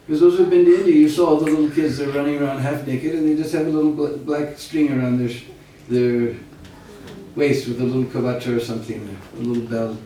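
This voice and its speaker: A man preaching a devotional story sermon, animated and addressing listeners, recorded in a large hall. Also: fairly high pitch, brisk, slight background noise. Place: large indoor hall at a summer camp. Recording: echoey hall from far off, faint ambience.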